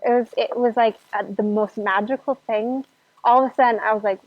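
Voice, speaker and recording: A woman's voice: fairly high pitch, fairly even intonation, fairly quick, dry recording. A woman casually telling a personal story, acting out her own past reactions with lots of "like" fillers. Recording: dull lo-fi sound, faint music behind.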